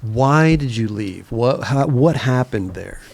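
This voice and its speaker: Male host, mid pitch, slow easygoing delivery, relaxed questions. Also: gravelly. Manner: laid-back, short affirmations and open questions. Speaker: podcast host. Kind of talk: casual interview.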